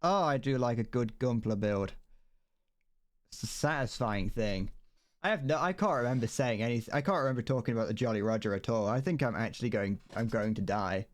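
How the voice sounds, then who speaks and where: A man's voice: mid-range voice, fairly quick. A British man chatting on a casual livestream while he builds a model kit, rambling with frequent stammered restarts and laughter. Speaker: streamer.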